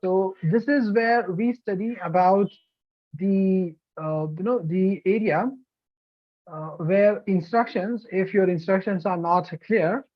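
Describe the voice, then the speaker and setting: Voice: medium pitch, takes it slowly. Indian English instructor on a muffled call. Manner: keeps checking in with "okay?" and "you know". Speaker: TEFL course instructor. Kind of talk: live online demo lesson. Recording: dull lo-fi online class audio.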